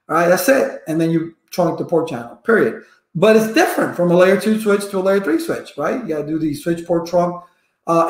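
A man's voice: high-pitched, roomy sound. A man running a live-streamed networking lesson, chatty and repetitive, stopping to greet viewers in the chat. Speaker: networking instructor.

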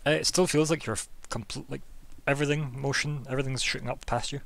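Guy running a tabletop game, rambly and laughing a lot, middle pitch, lots of ums and likes. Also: fairly even intonation, fast talker, creaky, fairly bright tone. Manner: rambling, laughing, full of fillers. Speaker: game master.

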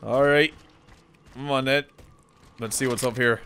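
Young let's player, rowdy and profane, bright voice, slow unhurried delivery. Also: male voice, mid-range voice, steady tone, slight background noise. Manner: rowdy, joking banter at the game, cursing. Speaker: gaming YouTuber. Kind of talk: let's play commentary.

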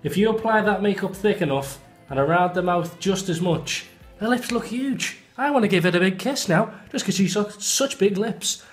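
Young male comic, mock-serious tutorial host, higher voice, roomy sound. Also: animated, normal speed. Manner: playful, mock-earnest presenter tone. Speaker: comedy vlogger. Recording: echoey room with faint music.

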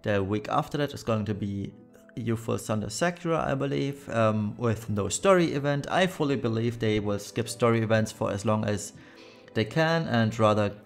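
A man's voice: fairly low pitch, creaky. A man hosting a gaming channel, giving blunt, critical commentary full of fillers, his voice a little worn. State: voice wearing thin. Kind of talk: casual commentary on a mobile game.

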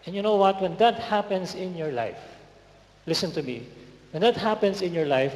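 High-voiced preacher in an echoey hall. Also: male voice, normal speed. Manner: energetic call-and-response preaching. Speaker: guest preacher. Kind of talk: sermon. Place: large hall. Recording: echoey hall with faint noise.

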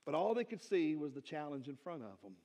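A man's voice: on the high side, big pitch swings, brisk, warm tone. A male pastor, preaching a sermon to his congregation and building one rhetorical question on another. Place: church sanctuary.

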